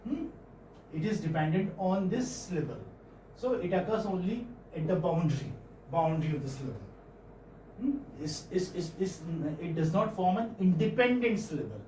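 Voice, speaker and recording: A man with an Indian English accent giving a classroom phonetics lecture, halting and often checking in with students. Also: high-pitched, expressive, warm tone, a little hiss or hum. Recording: roomy classroom audio from far off.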